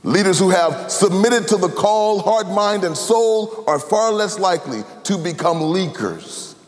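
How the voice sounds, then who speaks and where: A man preaching a sermon, his cadence sweeping from loud, high emphasis down to low, hushed tones. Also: expressive, unhurried. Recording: long hall reverb.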